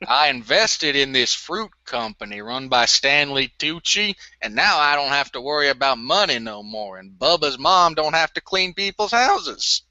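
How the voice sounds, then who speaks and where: A man putting on the voice of a dim-witted, earnest Southern man who talks slowly and simply. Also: a little high, sing-song, sharp tone, no room sound, full character voice. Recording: dull lo-fi dry audio.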